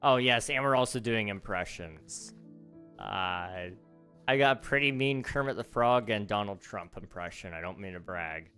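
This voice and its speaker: A man's voice: lowish voice, normal speed, bright, forceful tone, clear, resonant tone, soft background music. Chatty young man hosting a gaming stream. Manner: chatty, laughs often, reads chat aloud. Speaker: livestream host. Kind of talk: casual chat while gaming.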